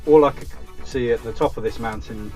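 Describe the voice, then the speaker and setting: Essex man, cabbie guest, animated storyteller, faint music bed. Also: medium pitch, a little fast. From Essex, England. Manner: chatty, animated anecdote telling. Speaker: taxi driver guest. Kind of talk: casual storytelling chat.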